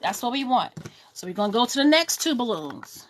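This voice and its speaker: A woman's voice: a little high, very animated, fairly quick, heavy background noise. A middle-aged woman from Brooklyn with a New York accent, hosting a casual live-stream balloon tutorial, chatty and sassy, calling out viewers by name. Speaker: balloon decor tutorial host.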